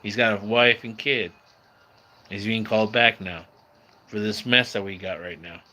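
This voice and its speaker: A man's voice: lowish voice, steady tone, moderate pace, bright, forceful tone, a little hiss or hum. A man from San Diego, hosting a casual livestream and chatting with viewers in a laid-back way, calling everyone bro and dude. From San Diego, California. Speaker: livestream host. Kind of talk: casual live-stream chat with viewers. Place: at home near a screen door.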